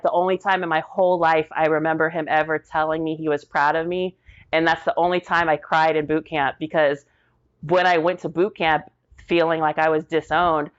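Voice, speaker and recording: Veteran woman, forties, low-pitched, casual storyteller who acts out the quotes; slightly muffled audio. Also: brisk. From Tampa, Florida. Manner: animated storyteller acting out quotes. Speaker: podcast guest, military veteran.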